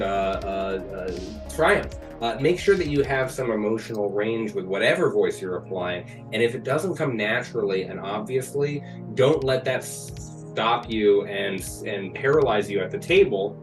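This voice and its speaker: A man on a casual talk show giving earnest advice, recorded from away from the microphone. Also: fairly low pitch. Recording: distant from the mic.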